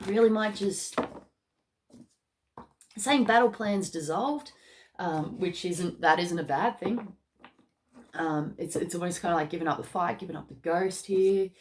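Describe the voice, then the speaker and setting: A woman with a lowish voice talks her way through a casual tarot reading, keeping it loose and conversational. She checks in with "okay?" and "mate" at the end of lines. She sometimes rises into excited bursts. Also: background noise. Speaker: tarot card reader.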